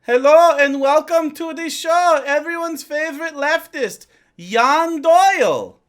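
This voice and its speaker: A man hosting his live stream who drops in quick, amused asides between clips. His tone is offhand and conversational. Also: very high voice, fairly bright tone. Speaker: streamer host.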